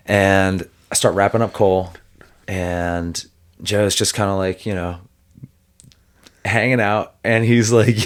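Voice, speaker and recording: A man who coaches fighters, co-hosting a podcast and telling a story with animated energy and frequent laughter. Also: sits low, slow pace, pauses often, clean tone. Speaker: MMA coach and podcast co-host. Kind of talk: casual podcast chat.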